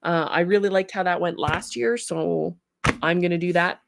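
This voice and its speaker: A woman's voice: fairly low pitch, normal speed, gravelly, background noise. Bubbly Canadian woman streaming. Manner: bubbly, reads chat comments aloud and laughs often. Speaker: livestream host, studio owner. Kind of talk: casual livestream chat.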